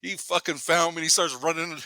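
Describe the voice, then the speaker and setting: A man in his fifties tells wild stories at a rapid clip in a bright, forceful voice. He rambles, swears freely and laughs along with his own tales. The sound is close and dry. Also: a little high, fairly even intonation, dry recording. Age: 50s. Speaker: podcast guest. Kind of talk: casual storytelling.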